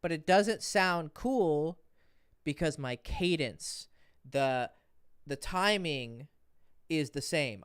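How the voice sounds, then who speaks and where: A man's voice: fairly high pitch, a little slow, smooth, no room sound, clean studio sound. A man coaching dating on a livestream Q&A, blunt and profane, swinging his voice up and down to show how rhythm works.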